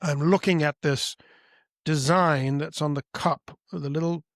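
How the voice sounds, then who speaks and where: A man in his fifties tells his story as a podcast guest, with emphasis that keeps rising and falling. His voice sits a little high for a man. The sound is dry and close. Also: fairly even intonation, measured pace, no room sound. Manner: emphatic, breaks into high loud voices when quoting.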